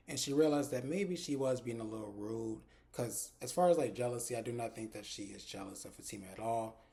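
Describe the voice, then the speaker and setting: A man's voice: mid-range voice, a little fast, warm tone. A man giving a casual, chatty recap of a TV episode, retelling scenes with lots of "like" fillers. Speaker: TV episode reviewer.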